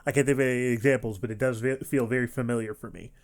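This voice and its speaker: A man streaming an anime reaction, talking casually and rambling with frequent restarts and animated outbursts. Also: mid-range voice, fast.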